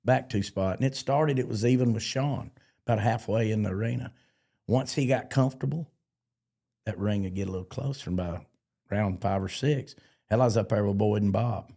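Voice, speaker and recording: A man's voice: lowish voice, normal speed, vocal fry, dark tone. A man, a podcast guest and former rodeo barrelman, telling stories in a casual interview and acting out the voices of people he quotes.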